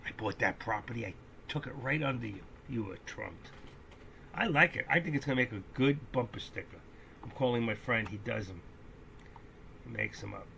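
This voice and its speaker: A man giving casual, rambling live-stream commentary on stock trades, joking and breaking into excitable outbursts. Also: mid-range voice, moderate pace, creaky, a little hiss or hum. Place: indoors at home, seated.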